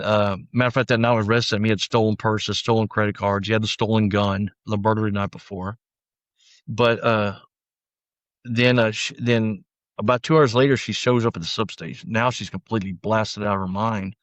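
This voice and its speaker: A middle-aged former sheriff's deputy tells his story in an interview, restarting often and acting out quoted lines. His voice is lowish and a little bright, and the dry recording has no echo and sounds slightly dull.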